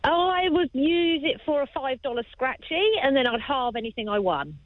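A woman co-hosting a radio show, chatting lively. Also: sits high, normal speed, no echo, phone-quality sound. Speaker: radio co-host. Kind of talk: casual radio banter.

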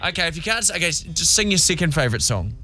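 A man, a radio host, talking in fast, teasing banter. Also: a little high, sing-song, bright, forceful tone, slight background noise.

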